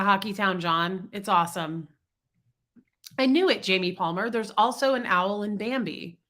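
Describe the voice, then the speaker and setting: A woman's voice: mid-range voice, pushed and bright. A woman hosting a casual livestream, congested from illness, chatting and greeting viewers by name. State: congested, sick voice. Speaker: livestream host. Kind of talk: casual livestream chat reading comments.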